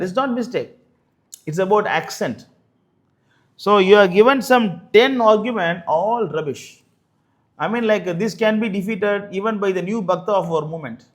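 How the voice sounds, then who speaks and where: Man with a slightly high voice arguing back point by point, lots of uh and you know. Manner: argumentative, with frequent "you know" and "uh" fillers. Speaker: presenter. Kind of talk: spoken rebuttal commentary.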